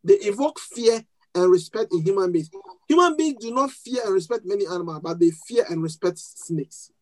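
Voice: mid-range voice, lively intonation, normal speed, low-quality recording. A pastor with a foreign accent delivers a sermon to a live congregation, drawing them in with questions and call-and-response. Key words are repeated for weight, with frequent restarts between phrases. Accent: non-native accent. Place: church service before a congregation.

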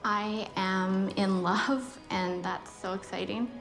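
A woman's voice: medium pitch, fairly even intonation, slow. An actress playing a woman on a TV dating show, gushing about her feelings in a breathless confessional way. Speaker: film character. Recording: film clip under loud music.

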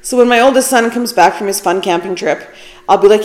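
A woman's voice: medium pitch, a little fast, darkish tone. A middle-aged woman hosting her own podcast, talking casually and candidly with a self-deprecating streak. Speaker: podcast host. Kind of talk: casual solo podcast talk. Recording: echoey room.

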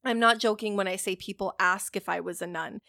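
A woman's voice: medium pitch, steady tone, fairly quick, vocal fry, sharp tone, dry recording, studio quality. A woman in her forties, hosting a casual solo podcast and rambling candidly with plenty of swearing. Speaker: podcast host.

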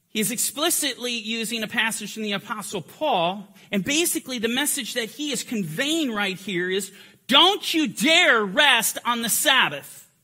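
A man teaching a Bible lesson in an emphatic way, pressing his points harder as he goes. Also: sits high. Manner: emphatic, building to forceful climaxes. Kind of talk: teaching lecture.

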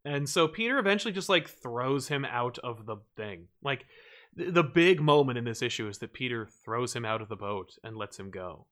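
A man in casual podcast chat, talking at a middle pitch. He rambles with many fillers and restarts, animatedly retelling scenes as he goes. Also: animated, moderate pace, fairly bright tone.

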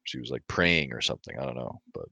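A man's voice: a bass voice, big pitch swings, fast, gravelly, pushed and bright, no room sound. A man playing a barbarian in a tabletop game, talking casually with rambling hesitation and frequent laughs. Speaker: player. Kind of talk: casual tabletop role-play.

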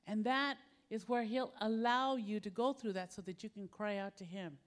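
A woman's voice: mid-range voice, steady tone, normal speed. A middle-aged woman from the Philippines preaching a sermon, telling personal stories and acting out her own panic and impatience.

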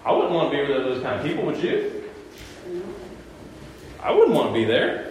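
Lively, high-voiced male preacher. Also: moderate pace, long pauses, a little hiss or hum. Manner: lively, questioning the audience, emphatic. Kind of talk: sermon. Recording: echoey room with faint ambience.

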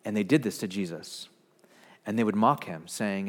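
A man preaching a sermon, swinging between loud emphatic declarations and hushed, low retellings. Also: normal speed. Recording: long hall reverb.

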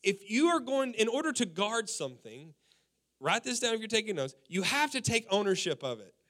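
A man in his forties delivers a sermon as a pastor, high in pitch and ringing with a bright edge. He preaches in an animated way, acting out quotes in little voices and chuckling at his own points. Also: fairly quick. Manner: animated preaching, quoting people in acted voices, laughing.

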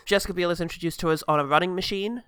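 A man's voice: sits high, fast talker, a bit bright, clear, resonant tone, no echo, studio quality. A man co-hosting a podcast, chatting casually about films, joking and laughing often. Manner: jokey, laughs often, rambling with fillers. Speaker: podcast co-host. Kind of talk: casual film review chat.

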